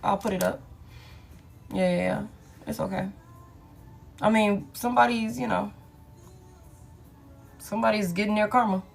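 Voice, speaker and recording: A woman's voice: mid-range voice, fairly even intonation, normal speed, creaky, pauses often, faint music behind. Candid, profane woman tarot reader. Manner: candid and profane, laughs often, talks straight to her viewers. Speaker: tarot reader hosting a live stream. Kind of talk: casual live-stream tarot chat.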